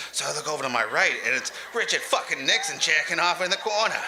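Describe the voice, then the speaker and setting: A man plays an old lounge comedian who claims to be eighty-five, telling a crude, rambling comic story. His voice is a little high, fairly quick, and lively in intonation, with background noise, and he laughs through his own jokes.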